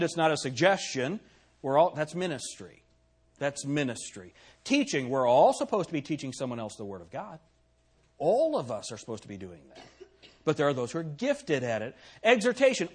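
Male pastor, sermon, somewhat high husky voice, emphatic, asks the room questions. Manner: reads scripture in old-fashioned wording.

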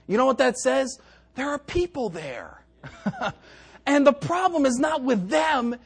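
High-voiced preacher delivering an emphatic sermon. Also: male voice, gravelly, slightly rough. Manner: emphatic, swings from quiet asides to loud exhortation; dry jokes to the congregation.

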